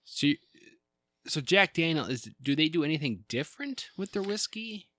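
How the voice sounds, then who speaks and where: A man hosting a casual podcast, joking and animated, with salty language. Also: fairly high pitch, normal speed, dry recording, clean studio sound. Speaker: podcast host. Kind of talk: casual chat.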